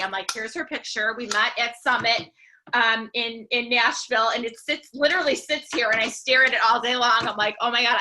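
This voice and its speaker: A woman telling a story in a casual, animated way on a team call, full of "I was like" quotes. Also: a little high. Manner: animated, gushing, heavy "I was like" quoting. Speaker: coach speaking on a team call.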